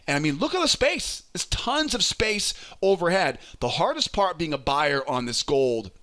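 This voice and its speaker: A man hosting a trading lesson, walking through charts in an energetic, coaching way and often checking in with "right?". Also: medium pitch. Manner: energetic, keeps asking "right?"; coaching, urges patience. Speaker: trading educator and host.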